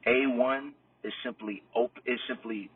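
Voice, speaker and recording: A man's voice: medium pitch, steady tone, measured pace, husky, recorded from a distance, phone-quality sound. A man coaching on dating in a loose, rambling talk, full of "you know what I mean" and acting out both sides of sample dialogues. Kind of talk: casual explanatory talk.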